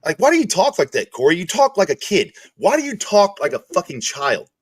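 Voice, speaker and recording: This is a man, in his thirties, ranting on a livestream. His voice sits a little high for a man, and he swears heavily, breaking off and restarting his sentences. The sound is dry and close to the mic. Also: wildly swooping pitch, brisk, husky, no room sound. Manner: angry, profane, repetitive restarts. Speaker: streamer host. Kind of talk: heated livestream rant.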